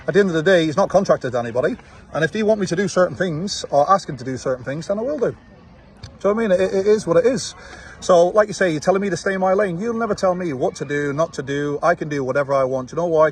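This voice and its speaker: A man's voice: a little high, slight background noise. A man from Manchester with a Manchester accent, a fight promoter recording a confrontational reply video outdoors and taunting with repeated "yeah?". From Manchester, England. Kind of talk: direct-to-camera reply video. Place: outdoors, watching football.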